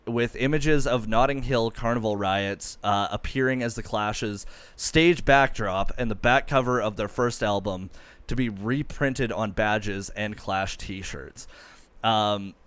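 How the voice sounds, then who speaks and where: A man hosting a casual comedy podcast, rambling through his stories with plenty of "uh"s. His voice is smooth and clean, and it sounds close and dry, with no room echo. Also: fairly low pitch, a little slow, a bit bright. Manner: loose storytelling with many fillers.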